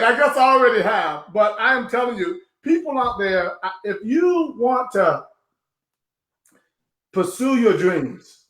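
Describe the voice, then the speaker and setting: A man hosting a live online show, talking with loud, emotional enthusiasm. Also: high-pitched, echoey room. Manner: effusive, emotional, loud exclamations.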